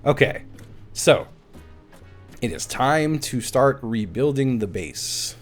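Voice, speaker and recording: Lively chatty male game streamer. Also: mid-range voice, faint music behind. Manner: chatty and animated, swears casually, quick laughs. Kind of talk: casual live-stream chat. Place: at home.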